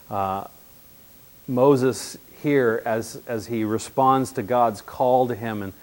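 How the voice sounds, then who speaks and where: A man preaching a sermon in an animated, emphatic way, shifting between loud bursts and hushed asides. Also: mid-range voice, drawn-out words.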